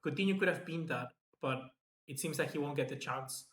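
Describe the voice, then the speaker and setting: A man hosting live football match reaction commentary, chatty and excitable, reading out viewer comments. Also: on the high side, fairly quick. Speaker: football fan channel host. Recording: echoey room.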